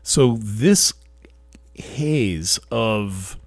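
In a close, dry recording with no room echo, a man with a lowish, animated voice delivers a reflective monologue. He talks slowly and thoughtfully, halting and restarting as he works through his ideas, much like the host of a weekly talk show.

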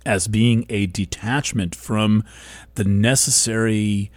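Soft-spoken man, low and dry. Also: dry recording. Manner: soft-spoken, halting with frequent restarts. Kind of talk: reflective monologue. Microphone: broadcast microphone.

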